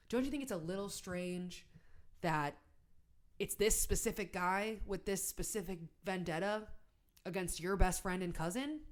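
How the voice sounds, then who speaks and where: A woman recapping a novel in a casual, chatty way, full of fillers and sarcastic asides. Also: fairly low pitch. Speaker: book reviewer.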